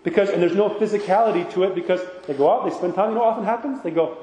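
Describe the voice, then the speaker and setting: Male priest, casual sermon delivery with rhetorical asides; higher-pitched, roomy reverberant hall. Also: rapid-fire, hardly any pauses, warm tone, muffled recording. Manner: conversational, rhetorical "right?" asides. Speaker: Orthodox priest. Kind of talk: informal sermon talk. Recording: echoey hall with long reverb.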